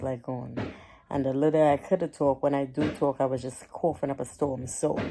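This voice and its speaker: A woman's voice: extremely low pitch, warm tone. A woman, telling a heated storytime rant to camera in a chatty, indignant way. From Caribbean. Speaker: vlogger.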